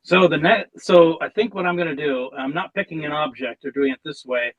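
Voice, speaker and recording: A man speaking as a guest artist on a casual podcast, telling jokes and talking about his work in a relaxed way with some stumbles and restarts. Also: on the high side, brisk, dull audio.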